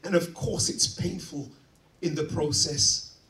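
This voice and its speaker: A man preaching a sermon, dynamic, swinging from quiet asides to loud emphatic points. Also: a little high, unhurried, far from the mic. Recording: roomy, from off-mic.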